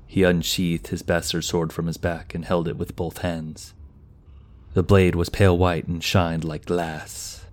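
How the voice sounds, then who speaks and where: A man narrating a fantasy audiobook in a slow, even, measured way. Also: low voice.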